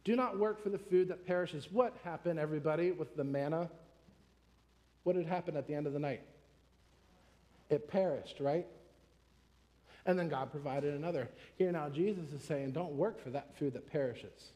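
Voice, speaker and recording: High-voiced man preaching in a reverberant hall. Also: normal speed, pauses often, warm tone. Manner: conversational, emphatic teaching with rhetorical questions. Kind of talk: sermon.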